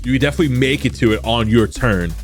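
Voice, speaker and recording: A man's voice: mid-range voice, fast talker, soft background music. A man running a tabletop role-playing game as dungeon master, narrating scenes vividly.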